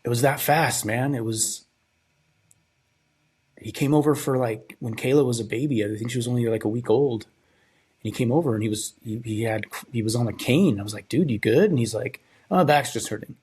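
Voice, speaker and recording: A young man hosting a podcast, telling a personal story in a halting, subdued, grieving way, often trailing off and repeating words. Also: mid-range voice, a little mellow, slightly rough. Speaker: podcast host.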